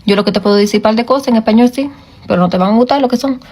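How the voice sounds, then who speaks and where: A woman chatting casually to camera in an animated way, switching between two languages. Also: a little high, very fast. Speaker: video creator.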